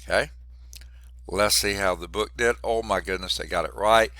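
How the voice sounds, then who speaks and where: A man's voice: fairly low pitch, normal speed, sharp tone, no room sound. Congested man lecturing on calculus. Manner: stops to clear his throat, wry asides. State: congested, short of breath. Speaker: math instructor. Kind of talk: classroom lecture.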